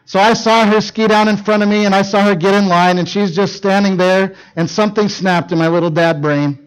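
A middle-aged man from northern Minnesota preaching to teens, telling personal stories in an animated way that swings from hushed to loud. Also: high voice, brisk, clear, resonant tone, rough recording. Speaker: youth speaker. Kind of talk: storytelling sermon.

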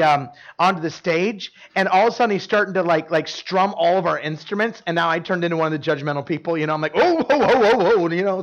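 High-voiced preacher, chatty and direct. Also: male voice, a bit bright, dull audio. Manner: conversational, repeats words and asks the room questions. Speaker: pastor. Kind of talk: sermon.

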